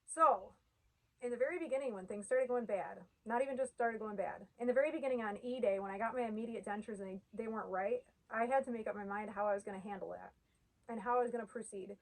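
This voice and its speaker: A woman's voice: a little high, fast talker, low-quality recording. A woman in her thirties talking to camera in a heartfelt, earnest way, peppering her speech with "like" and at times tearful. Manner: earnest, heartfelt, uses "like" often. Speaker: vlogger sharing her denture journey. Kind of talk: emotional casual talk to camera.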